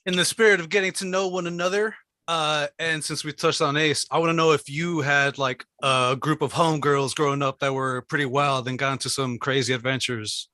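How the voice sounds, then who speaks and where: A man co-hosts a podcast and asks a guest playful questions in casual chat. His voice is a bit high and has a sharp, forceful brightness. The sound is close and dry. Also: fairly even intonation, fairly quick, no room sound. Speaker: podcast co-host.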